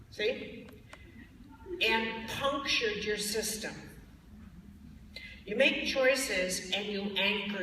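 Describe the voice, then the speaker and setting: A woman's voice: mid-range voice, fairly bright tone, a little hiss or hum. A woman speaker giving a blunt, emphatic lecture to a live audience, sometimes mocking the tones of voice people use. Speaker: spiritual speaker. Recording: echoey hall from far off.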